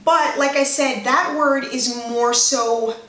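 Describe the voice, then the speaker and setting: High-voiced young woman, lively explainer. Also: slow pace. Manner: lively, acts out example dialogues. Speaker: language teacher, video host. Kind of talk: casual explainer video. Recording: roomy, mic at a distance.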